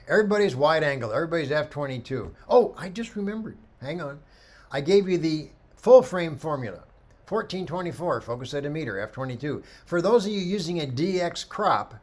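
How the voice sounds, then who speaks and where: A middle-aged man teaching photography, talking through slides with lively stories and acted-out dialogue. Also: fairly high pitch. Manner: animated storyteller, acts out dialogue. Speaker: photography instructor. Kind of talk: lecture with slide commentary.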